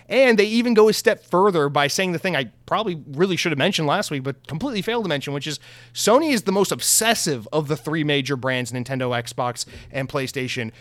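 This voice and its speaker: A man's voice: fairly high pitch, a bit bright, no room sound. A young man giving casual, heated gaming news commentary, swearing freely and mocking companies in sarcastic voices.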